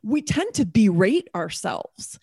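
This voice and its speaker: A woman's voice: mid-range voice, sing-song, slow pace, darkish tone, slightly rough, no room sound, clean studio sound. A woman hosting a podcast interview, responding to her guest in an affirming, emphatic way. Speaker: podcast host. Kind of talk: casual conversational interview.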